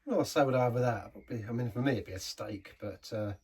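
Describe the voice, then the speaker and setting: A man's voice: medium pitch, fast talker, darkish tone, husky, recorded from a distance. A man giving a casual, rambling beer review, often stopping and restarting his sentences. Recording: voice set back from the mic.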